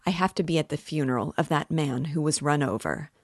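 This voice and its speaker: A woman's voice: sits low, measured pace, no room sound, clean studio sound. A woman voicing an irritated, resolute young male student under suspicion in an audiobook reading.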